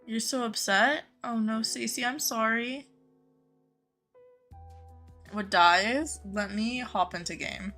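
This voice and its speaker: A woman's voice: on the high side, slow pace, pauses often, sharp tone, soft background music. A young woman live-streaming a game, chatting casually with viewers, greeting them by name and gushing over cute things.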